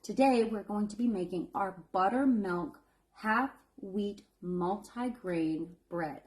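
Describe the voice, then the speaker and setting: Woman in her thirties, home baker, live-stream chat, encouraging, calls viewers honey, a little nervous, medium pitch. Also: darkish tone. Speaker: home baker hosting a live fundraiser bake.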